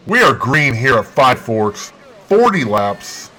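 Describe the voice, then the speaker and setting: Excitable man commentating a racing game. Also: mid-range voice, slow pace, poor audio. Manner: excitable, bursts into loud exclamations. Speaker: gaming channel host. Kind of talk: live play-by-play of a racing game.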